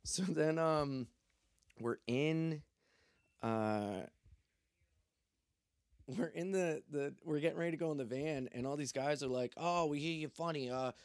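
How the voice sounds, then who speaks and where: A man's voice: a little high, slow, pauses often, darkish tone, no room sound, studio quality. A young man telling a story in a loose, profane, joking way. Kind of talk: casual storytelling.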